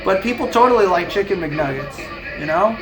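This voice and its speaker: A man's voice: high voice, expressive, a little fast, over music, low-quality recording. A man on a live stream, chatting casually and ranting with heavy swearing and frequent laughs. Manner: profane, ranting, laughs often. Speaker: livestreamer.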